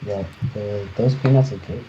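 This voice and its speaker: Podcast co-host, a man in his thirties, deep mellow voice, stop-start delivery, muffled lo-fi sound. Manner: halting, many restarts and fillers. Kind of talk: casual chat. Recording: muffled lo-fi audio with faint noise.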